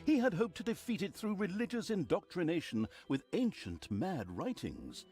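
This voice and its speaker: A sardonic game narrator. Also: male voice, high-pitched, sing-song, normal speed. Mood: dry wit. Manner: sardonic, mock-grand storyteller. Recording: game audio with music behind.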